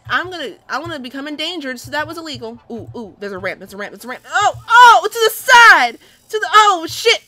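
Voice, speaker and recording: A young woman commentating her gameplay with loud, excitable, cursing reactions and squeals. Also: sits high. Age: young adult. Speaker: gaming video host.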